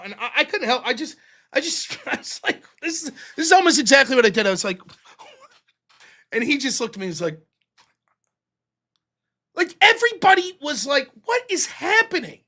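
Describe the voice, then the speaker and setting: A man's voice: very high voice, sing-song, moderate pace, sharp tone. A man hosting a livestream, ranting casually and profanely about a debate, laughing often. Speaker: livestream host.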